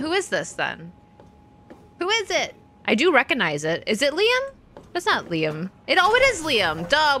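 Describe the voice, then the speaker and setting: A woman's voice: medium pitch, bright, forceful tone, a little hiss or hum. A woman streaming a video game, chatting casually and playfully, often laughing at herself. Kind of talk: casual let's-play commentary.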